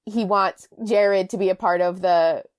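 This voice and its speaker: An animated young woman co-hosts a podcast in casual chat, tossing off quick asides and correcting herself. Her voice is recorded close and dry, with no room sound. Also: mid-range voice, smooth, no room sound. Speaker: podcast co-host.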